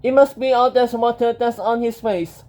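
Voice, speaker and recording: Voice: medium pitch, steady tone, moderate pace, a little mellow, natural voice. A reader doing an eager, worried old man. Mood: urgent.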